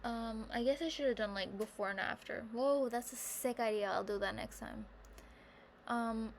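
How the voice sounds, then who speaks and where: A woman talking to camera in a casual vlog monologue, rambling and self-reflective, peppering her speech with "like" and turning animated when she quotes her own thoughts. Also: on the high side, normal speed, slight background noise. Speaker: vlogger.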